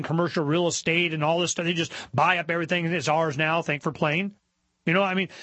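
A man's voice: sits high, a bit bright, dry recording. A man hosting a talk show, commenting casually while reading news aloud, with mocking asides and rhetorical questions.

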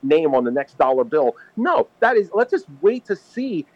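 A man's voice: on the high side, sing-song, normal speed, no echo. A man co-hosting a casual political talk show, rambling and emphatic as he tells stories. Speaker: podcast co-host. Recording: dull dry lo-fi sound.

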